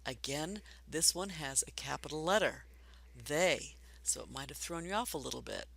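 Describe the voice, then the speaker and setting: A woman teaching a basic reading lesson for adults, patient and encouraging, speaking slowly and clearly. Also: deep voice, a bit bright.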